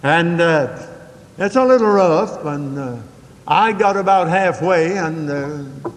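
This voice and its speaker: An older male preacher delivers a sermon in a fairly high voice, swinging from quick folksy asides to slow, weighty emphasis. The recording carries a long hall reverb. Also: animated. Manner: folksy storytelling with dramatic swings in pitch and pace.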